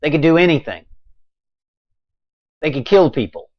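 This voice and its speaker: A man delivering a preachy, impassioned monologue, swinging between a raised voice and quiet intensity. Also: fairly high pitch, expressive, normal speed, no room sound, lo-fi sound. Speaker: video blogger.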